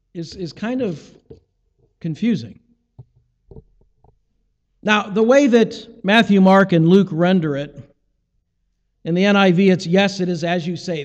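A man's voice: high-pitched, big-room sound, highs cut off. A man preaching a sermon, teaching and asking rhetorical questions, acting out the voices he quotes.

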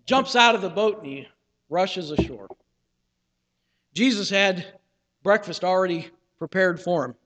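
A man preaches with a fairly high voice, earnest and conversational, slipping into voiced quotes as he tells the story. His words ring out with a long reverberation through a church sanctuary. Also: takes it slowly, long pauses, fairly bright tone. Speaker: pastor. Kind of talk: sermon.

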